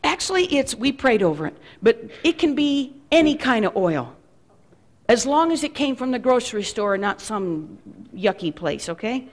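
A woman pastor leading a charismatic church service, praying loudly over people and speaking in tongues. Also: on the high side, sing-song, moderate pace. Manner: fervent, shouting prayers and speaking in tongues. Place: church hall with a choir. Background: music playing.

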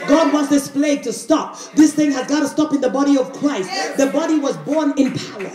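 A woman pastor preaching a fiery sermon with call-and-response, rising often into shouts. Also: sits high, a little fast, over music. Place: church sanctuary with congregation. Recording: echoey church with crowd.

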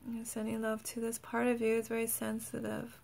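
A woman energy healer who talks gently and soothingly in a guided healing session, laughing often and saying "like" a lot. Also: on the high side, monotone, a little fast, gravelly.

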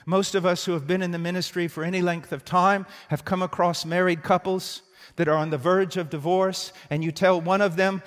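A man in his sixties preaching a sermon, moving between forceful emphasis and hushed tones and repeating his key phrases. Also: on the high side, moderate pace. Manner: dramatic swings from loud emphasis to hushed tones. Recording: long hall reverb.

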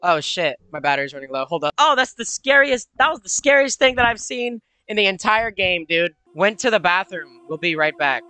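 A man's voice: high-pitched, animated, a little fast, hardly any pauses, sharp tone, smooth, no room sound, faint music behind. A young man commenting on his own horror game play, jumpy and profane, with nervous laughter and sudden yelps. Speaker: gamer.

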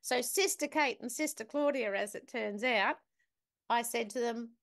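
A woman's voice: fairly high pitch, a little slow, fairly bright tone. Emphatic woman telling a story. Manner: vivid, emphatic storyteller who asks the listener questions. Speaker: podcast guest, business academic. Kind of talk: storytelling in conversation.

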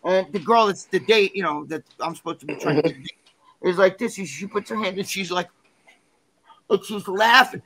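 A man guest in an interview, telling a story in a rambling, animated, profane way. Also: high voice, normal speed. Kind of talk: casual storytelling.

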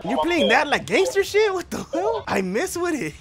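A man putting on a brash high cholo voice. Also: big pitch swings, moderate pace, creaky, noisy background, heavily acted. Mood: bragging. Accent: put-on Chicano English. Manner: boastful, cussing, mixes in Spanish slang. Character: brash young Mexican-American cholo man. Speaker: online game voice troll. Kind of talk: voice trolling in online game chat.

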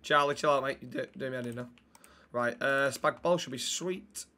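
A man's voice: medium pitch, moderate pace, sharp tone. A young man, chatting bluntly and swearing while streaming a game. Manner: sweary, blunt banter with chat. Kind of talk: live-stream chat while gaming.

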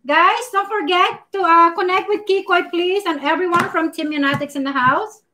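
This woman hosts a casual baking livestream, warmly chatting with viewers, calling them by name, and laughing frequently as she goes. Her pitch is extremely high, her speed normal, and there's a slight background noise.

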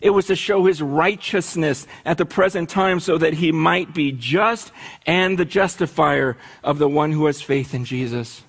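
A middle-aged man preaching a sermon as a pastor, swinging from hushed to urgent and asking the congregation rhetorical questions. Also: a little high, a little slow, creaky, slightly rough.

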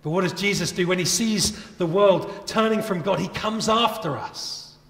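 A male pastor preaches an earnest, conversational sermon in a somewhat high voice. He often turns statements into rhetorical questions for his listeners. The recording has a long, ringing church reverb. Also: moderate pace, gravelly, a bit bright.

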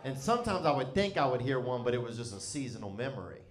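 A man's voice: medium pitch, big pitch swings, quick pace, roomy sound, crowd noise, noisy background. A man telling a comic story in a loose, rambling, profane way, often breaking into laughter. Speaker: comedian.

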